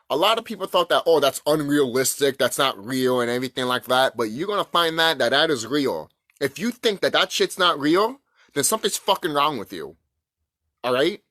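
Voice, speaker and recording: Man, casual vlog rant, profane and rambling, pitch swinging up and down, dry close sound. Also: fairly bright tone, no echo. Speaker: vlogger. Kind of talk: casual spiritual rant to camera.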